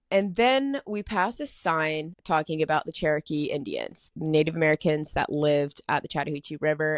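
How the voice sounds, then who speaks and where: A woman's voice: sits low, dry recording, clean studio sound. A young woman from Atlanta hosting a solo podcast, telling a story in a chatty, rambling way full of "like". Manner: chatty, rambling, heavy filler "like". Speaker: podcast host.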